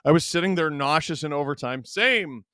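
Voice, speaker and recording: A man in his thirties hosting a stream, reading chat aloud and telling stories in an animated, casual way. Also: fairly high pitch, normal speed, dry recording, clean studio sound. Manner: animated storyteller, reads chat aloud, laughs often.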